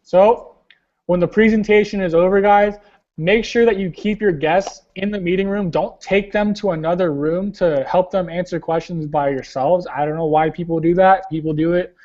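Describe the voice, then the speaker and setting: Young guy w a high voice giving blunt slangy pep talk to his team, kinda dull lo-fi call audio. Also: fairly even intonation, moderate pace, darkish tone. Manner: blunt, casual, slangy, keeps saying "guys". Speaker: team leader hosting a weekly call. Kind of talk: motivational coaching talk. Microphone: webinar call.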